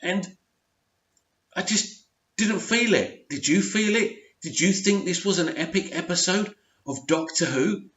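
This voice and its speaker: A man's voice: high-pitched, lively intonation, a little slow, a bit bright. A man giving an unscripted, frustrated rant as a TV review vlogger, full of emphatic rhetorical questions. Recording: roomy, dull lo-fi sound.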